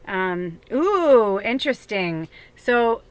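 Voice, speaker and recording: A woman's voice: medium pitch, very animated, takes it slowly, clear, resonant tone, dry recording. A woman giving a casual spiritual tarot reading, chatty and rambling, with many fillers and an occasional swear. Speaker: tarot reader.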